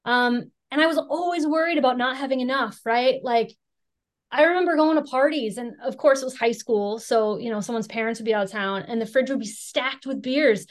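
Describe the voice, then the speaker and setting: A woman's voice: a little high, fairly quick. An American woman from the Chicago area giving a candid personal testimony, frank and self-deprecating, with lots of "you know" and "right". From Chicago area, United States. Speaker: speaker sharing recovery story.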